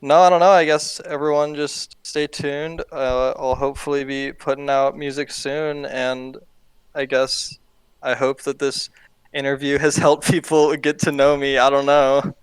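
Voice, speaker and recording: A young man guesting on a podcast, easygoing and full of slang. His voice is smooth and clean, held to a narrow, even pitch. The sound is dry and close to the mic. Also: a little slow, no room sound. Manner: laid-back, slangy, swears and laughs often. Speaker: music producer guest. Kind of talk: casual podcast chat.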